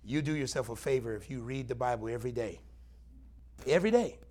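A male pastor delivers a plain-spoken Bible teaching sermon. He talks to his church in an earnest, conversational way and now and then pushes a line out with emphasis. His voice sits at an ordinary middle pitch. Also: steady tone, fast, a little mellow. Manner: earnest, conversational preaching, rising to emphatic stresses.

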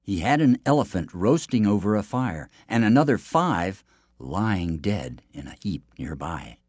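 A man narrating a children's folk tale in an expressive storybook style. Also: on the low side, unhurried, no echo, clean studio sound. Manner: expressive, lively reading aloud.

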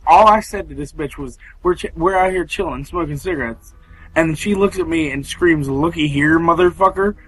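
A man's voice: fairly high pitch, moderate pace, fairly bright tone, poor audio. A young man in his twenties co-hosting a casual podcast over a remote call, telling a story with lots of swearing and mimicking other people's voices. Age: 20s. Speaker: podcast co-host.

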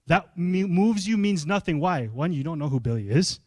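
A young adult male pastor, preaching a sermon in an animated, conversational way and asking the congregation questions. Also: a little high, normal speed, dry recording, clean studio sound.

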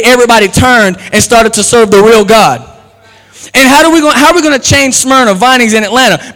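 High-voiced preaching pastor in a hall. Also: male voice, fairly bright tone. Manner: preaching, acts out quotes, asks the crowd to respond. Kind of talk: sermon.

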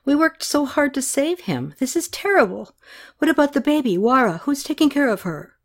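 A woman's voice: high voice, big pitch swings, normal speed, voice pushed up. A woman reading a novel aloud, voicing an earnest young woman doctor who asks urgent, pleading questions. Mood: distressed.

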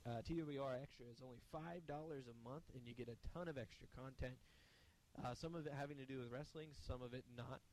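A man talks through his podcast's weekly plugs in a loose, rambling way, peppered with uhs and ums. His voice sits at an ordinary middle pitch. A faint hiss runs under the recording. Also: fast, darkish tone. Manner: rambling, filler-heavy delivery. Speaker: podcast co-host. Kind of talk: casual podcast chat.

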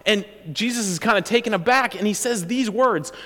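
A pastor preaching a sermon in a lively, conversational way, with casual asides and quick self-corrections. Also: male voice, high-pitched, long reverb tail. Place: church sanctuary.

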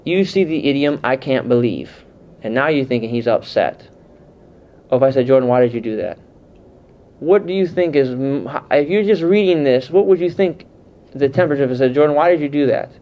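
Animated man teaching a Bible class. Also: mid-range voice, moderate pace. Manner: animated, conversational, asks the room questions. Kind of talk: teaching sermon. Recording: muffled lo-fi sound.

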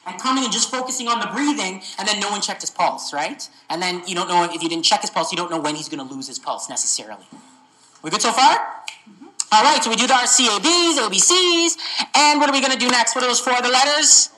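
Woman coaching med students for an exam, bright tense voice, upbeat, keeps asking if it makes sense. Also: mid-range voice, quick pace, rough recording. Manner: energetic, keeps checking understanding. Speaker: medical exam tutor. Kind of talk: interactive teaching session.

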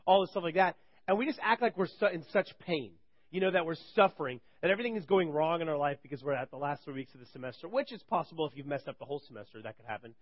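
A man's voice: a little high, expressive, quick pace, muffled recording. A man giving a casual, rambling sermon to college students at a live campus gathering, chatty and full of joking asides. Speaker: campus ministry preacher.

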